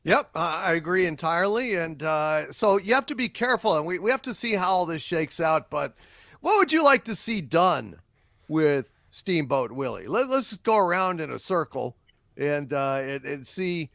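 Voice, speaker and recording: A man's voice: fairly high pitch, normal speed, gravelly, no room sound. A man hosting a casual panel discussion who rants heatedly and swears. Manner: heated, swearing, animated rant. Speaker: show host.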